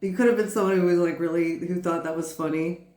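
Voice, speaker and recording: A woman's voice: on the low side, steady tone, quick pace, dark tone, echoey room. A woman giving a casual tarot reading who rambles, laughs often and swears freely. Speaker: tarot reader.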